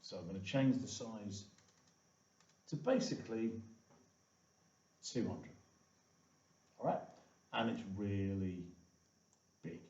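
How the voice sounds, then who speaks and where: Slow and full of long pauses, a fairly low-pitched man with a dark tone and lively intonation guides viewers through a coding tutorial recorded from his screen. He chats along, repeating "okay" and "all right" a lot. The recording has a dull, echoey, distant lo-fi room sound.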